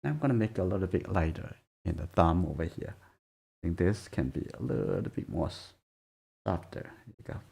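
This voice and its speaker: Soft-spoken gravelly drawing teacher. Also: male voice, deep voice, lively intonation. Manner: soft-spoken, halting, murmurs while drawing. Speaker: drawing instructor. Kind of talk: live drawing demonstration.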